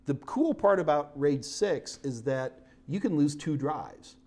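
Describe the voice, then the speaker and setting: A man's voice: a little high, animated, measured pace, mellow. A middle-aged man giving a live-streamed technical lecture as an IT certification instructor, casual and joking as he talks through his slides.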